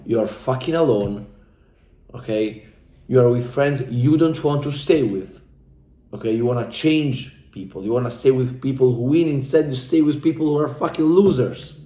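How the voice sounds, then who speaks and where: A man's voice: medium pitch, normal speed, dark tone. Intense young man, roomy echo. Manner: intense, profane, repetitive, speaks from the heart. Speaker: coaching client giving a testimonial. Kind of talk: emotional motivational testimonial. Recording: echoey room.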